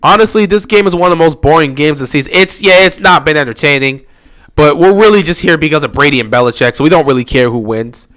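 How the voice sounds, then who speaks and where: A man's voice: a little high, quick pace, fairly bright tone. A man hosting a casual live stream, talking over a football game and mocking upset fans with whiny impressions.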